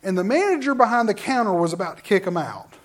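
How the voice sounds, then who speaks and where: A man preaching a sermon, telling personal stories with loud, emphatic bursts that drop to hushed tones, often repeating words as he builds a point. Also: high-pitched, big pitch swings, fast.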